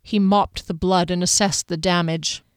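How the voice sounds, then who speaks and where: Smooth-voiced woman narrating fantasy. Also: on the low side, steady tone, unhurried, no echo, clean studio sound. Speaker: audiobook narrator.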